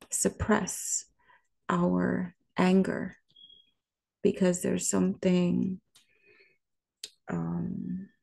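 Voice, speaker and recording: Woman vlogger, low and mellow, measured and reflective, talks straight to camera. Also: vocal fry, husky. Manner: measured, speaks directly to the viewer. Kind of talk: reflective word-of-the-day vlog.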